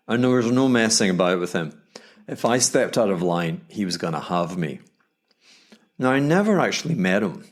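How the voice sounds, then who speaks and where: Theatrical Glaswegian man, swooping pitch. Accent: Scottish, Glaswegian. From Scotland. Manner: theatrical, swooping up high for emphasis. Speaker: podcast host. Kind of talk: solo podcast monologue. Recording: faint background music. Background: music playing underneath.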